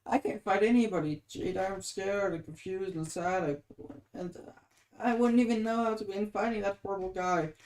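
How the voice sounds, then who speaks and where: A lost and frightened young sprite girl, as a reader puts her on for a webcomic reading, sorrowful and pleading, always close to tears. Her voice sits a little lower than the reader's own. The room adds a roomy echo. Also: moderate pace, a little mellow, natural voice. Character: grieving young female sprite, lost and scared.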